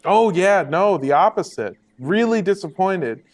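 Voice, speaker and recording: A man's voice: high-pitched, lively intonation, measured pace, voice pushed up. A man voicing a defiant villain father. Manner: defensive, then screaming in terror. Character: gruff middle-aged male villain dad, unrepentant.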